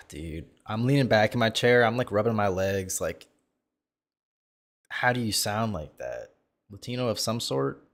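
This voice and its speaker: Brash, low-voiced man streaming. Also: animated, unhurried, pauses often. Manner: brash, profane and mocking, with sudden loud outbursts. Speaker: streamer reacting to videos. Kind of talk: casual live-stream commentary.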